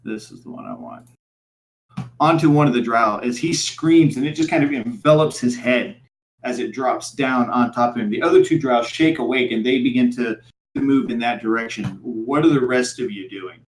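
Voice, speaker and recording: A man narrating as game master for a tabletop game, in a halting style full of fillers. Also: mid-range voice, roomy sound.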